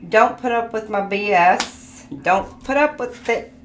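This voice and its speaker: A woman's voice: mid-range voice, a little slow. A woman giving a casual tarot reading, chatty and thinking aloud, laughing as she goes. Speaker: tarot reader. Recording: echoey room with background noise.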